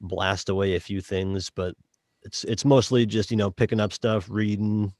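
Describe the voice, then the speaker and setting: A man with a Boston accent co-hosting a casual podcast chat, halting and full of fillers as he sums up a game. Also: lowish voice, fairly even intonation, a little mellow, no room sound, clean studio sound. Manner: halting, many fillers and restarts. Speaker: podcast co-host reviewing a game.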